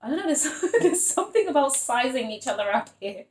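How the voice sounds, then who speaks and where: A woman's voice: sits high, very animated, fairly quick, roomy sound. A woman giving a casual tarot reading, chatty and blunt, swearing freely as she talks to her viewers. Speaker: tarot reader.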